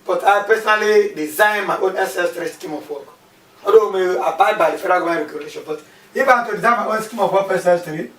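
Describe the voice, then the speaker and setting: A man teaching a maths class, repeating key terms and asking questions aloud. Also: high-pitched. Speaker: mathematics teacher. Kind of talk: classroom lesson. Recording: echoey room from far off with faint background noise.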